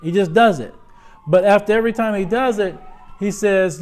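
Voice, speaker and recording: A man's voice: sits high, moderate pace, a little mellow. A man teaching an Islamic morals lesson to a class, conversational, asking questions and tagging his points with "right?". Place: lecture room.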